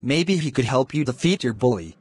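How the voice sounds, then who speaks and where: A man's voice: medium pitch, animated, a little fast, a little mellow, husky, dry recording, clean studio sound. A man in a casual amateur comedy skit, talking plainly with a complaining tone. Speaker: older brother character.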